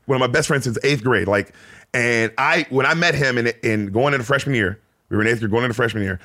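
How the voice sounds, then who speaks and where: Fast-talking comedian man from Memphis. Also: medium pitch. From Memphis, Tennessee. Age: 30s. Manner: rambling, animated storytelling with many restarts. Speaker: comedian guest. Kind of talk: casual podcast chat.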